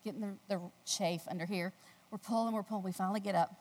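A woman from the United States giving a devotional talk, telling a personal story with animated delivery and acting out the voices in the story. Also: fast. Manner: animated storytelling, acting out quotes in a squealing high voice. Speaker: speaker at a faith gathering. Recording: long hall reverb.

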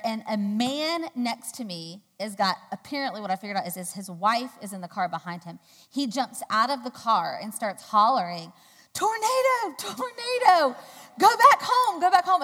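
A woman giving a sermon, telling a personal story in a chatty, animated way with loud, high quoted outbursts. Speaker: church speaker. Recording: long hall reverb.

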